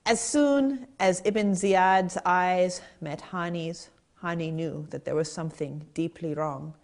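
A woman's voice: fairly low pitch, slow, darkish tone. A woman narrating a historical story in a vivid, dramatic way.

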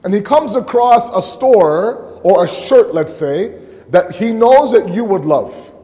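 A man delivers a sermon in an animated storytelling manner, acting out the conversations and throwing rhetorical questions at his listeners. His voice sits high for a man. The sound carries a long hall reverb, as in a mosque. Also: slow. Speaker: preacher.

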